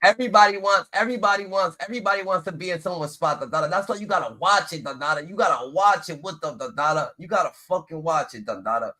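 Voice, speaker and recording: Bright-voiced man filling with "da, da, da". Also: a little high, fast, few pauses. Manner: peppers every phrase with "da, da, da", profane. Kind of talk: heated live-stream commentary.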